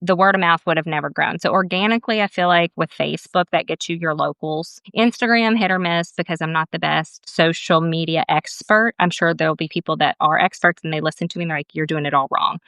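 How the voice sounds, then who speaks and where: A woman's voice: on the low side, fairly quick, vocal fry, hardly any pauses, dry recording. A woman esthetician and business owner telling stories in a casual interview, chatty and laughing often. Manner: chatty, laughs often, quotes others in lively asides; calls herself camera shy.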